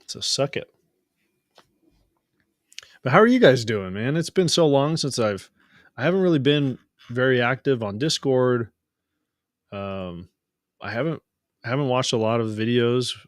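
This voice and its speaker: A man's voice: medium pitch, dry recording, clean studio sound. A man hosting a casual live-stream hangout, chatty and laughing as he tells stories. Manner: chatty storyteller, laughs often, restarts mid-sentence. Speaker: host.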